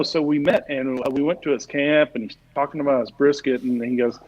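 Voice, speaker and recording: A man's voice: medium pitch, steady tone, fairly quick, few pauses. A man telling a long, rambling story in casual chat, full of "uh" fillers. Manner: rambling, folksy, many "uh" fillers. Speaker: barbecue class teacher and guest. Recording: dull lo-fi stream audio.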